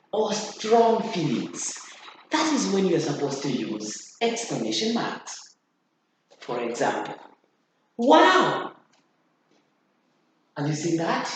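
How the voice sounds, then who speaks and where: Slow, deliberate teacher in an echoey room. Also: mid-range voice. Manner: repeats key phrases for emphasis; addresses students directly with checking questions. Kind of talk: classroom grammar lesson. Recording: very echoey room, faint noise.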